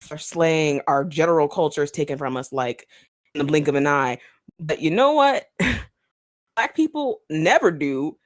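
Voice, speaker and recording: A woman with a low voice co-hosts a podcast in easygoing chat. She is chatty and laughs often, with plenty of ums and likes. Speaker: podcast co-host. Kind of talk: casual chat.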